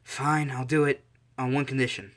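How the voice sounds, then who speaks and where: A man's voice: mid-range voice, flat delivery, normal speed, a bit bright, lightly acted. A man voicing a cocky young assassin. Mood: sardonic. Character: young male assassin bodyguard, cocky and dry.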